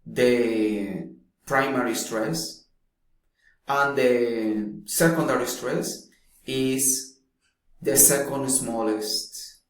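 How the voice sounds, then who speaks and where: A man teaching pronunciation in a slow, deliberate way, pausing often between phrases. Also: mid-range voice. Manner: slow, deliberate, drawn-out speech with long pauses. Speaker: English teacher. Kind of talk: slow explanatory lesson. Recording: very echoey room.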